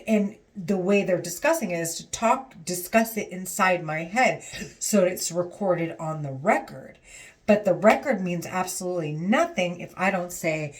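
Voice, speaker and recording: A woman talking to camera in an agitated, rambling, profane monologue, full of restarts. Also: fairly low pitch. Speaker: vlogger.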